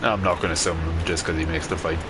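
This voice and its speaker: A man's voice: low voice, level tone, quick pace, noisy background. A man giving casual gameplay commentary, rambling and chatty with many ums and mild swearing. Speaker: gamer.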